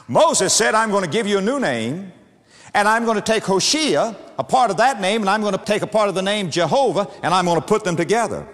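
A man's voice: high voice, fairly bright tone. A man preaching a sermon, building phrases with dramatic rises and drops and repeating key words for emphasis. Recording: long hall reverb.

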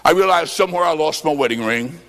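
A man's voice: a little high, expressive, quick pace, a bit bright. A blunt, plainspoken newly saved woman, put on by a male preacher in a raised voice. The sound carries the long reverb of an echoey hall. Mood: wondering.

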